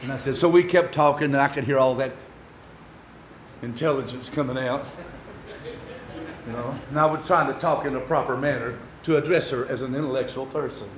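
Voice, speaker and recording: An older man with a Southern accent preaching a sermon, shouting his exhortations and slipping into folksy asides. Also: medium pitch, brisk, pauses often. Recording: echoey room with faint noise.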